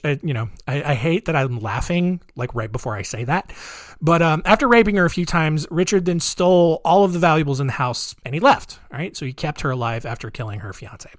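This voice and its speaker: A man's voice: fairly high pitch, dry recording, clean studio sound. A man hosting a podcast, telling a true-crime story in a rambling, jokey way full of asides. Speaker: podcast host.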